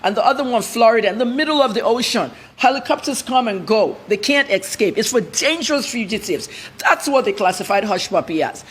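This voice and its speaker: A woman's voice: fairly high pitch, expressive, brisk, breathy edge. Blunt, emphatic woman journalist. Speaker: journalist guest. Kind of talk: TV news interview answers.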